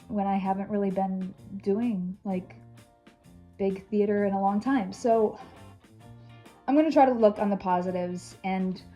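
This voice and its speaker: A woman's voice: mid-range voice, dark tone, poor audio. A young woman chatting casually in a vlog, candid and full of fillers like "um" and "like". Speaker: vlogger.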